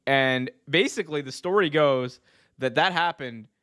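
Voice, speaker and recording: A man co-hosting a casual wrestling podcast, slangy and animated, laughing often. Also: on the high side, moderate pace. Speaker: podcast co-host.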